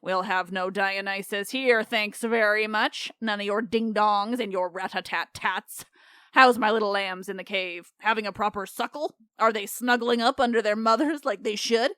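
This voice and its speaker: A woman voicing a gruff, bossy male cyclops giant, barking orders in a blunt, blustering way. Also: mid-range voice, steady tone, normal speed, a bit bright, no echo, studio quality, close to an everyday voice.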